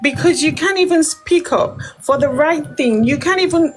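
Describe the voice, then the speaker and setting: Very high-pitched accusing woman. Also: slight background noise. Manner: accusing, fast comebacks. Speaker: livestream participant. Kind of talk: heated confrontation in a live debate.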